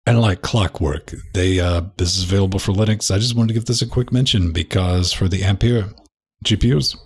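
A man with a low, husky, somewhat mellow voice co-hosts a casual tech podcast, talking fairly quickly. He rambles, repeats words, and keeps tossing in "man."

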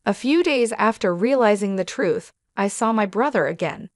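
A woman's voice: medium pitch, lively intonation, normal speed, dry recording. Woman narrating a story, dry close voice. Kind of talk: scripted narration.

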